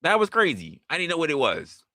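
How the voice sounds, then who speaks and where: Animated, profane man on a live stream. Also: a little high, brisk, no echo, studio quality. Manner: profane, animated storytelling with voiced quotes. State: drinking. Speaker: podcast host. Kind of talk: live-stream commentary, reading chat.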